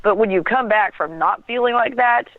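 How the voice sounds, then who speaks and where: A woman's voice: medium pitch, normal speed, dry recording. A woman telling a personal story as an interview guest, earnest and searching for words, often breaking into a laugh. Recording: tinny phone line, dry.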